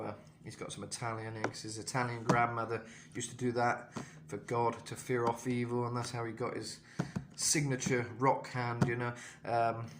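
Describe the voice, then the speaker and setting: A man's voice: mid-range voice, background noise. A young man giving a casual vocal lesson, talking loosely with self-mocking asides between demonstrations. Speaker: vocal coach.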